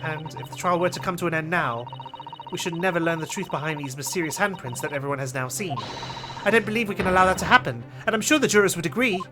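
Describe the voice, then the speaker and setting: A courteous, earnest young woman from a courtroom game, voiced by a man in his own register. She speaks formally and at a brisk clip while game music plays clearly underneath. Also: on the high side, voice pushed up, lightly acted. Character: polite, earnest young Japanese legal assistant woman.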